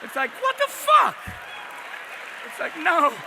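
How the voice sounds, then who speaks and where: A man doing a live stand-up set, manic and profane, jumping in and out of quick impressions. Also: extremely high pitch, big pitch swings, creaky. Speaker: stand-up comedian. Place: on stage before a live audience. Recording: live crowd laughter, noisy hall.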